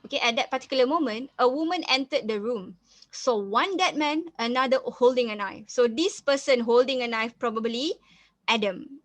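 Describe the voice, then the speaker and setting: A woman's voice: on the high side, fairly bright tone, dry recording. Malaysian woman teaching a reading lesson. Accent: Malaysian English. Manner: code-switches to Malay, repeats and restarts often. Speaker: English teacher. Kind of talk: reading lesson, explaining a story.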